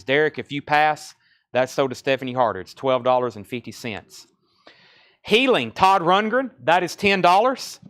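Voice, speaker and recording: A man from Tennessee with a Southern accent, hosting a live record sale and briskly calling out titles, prices and buyers. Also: a little high, a bit bright, clear, resonant tone. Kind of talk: live-stream sales patter.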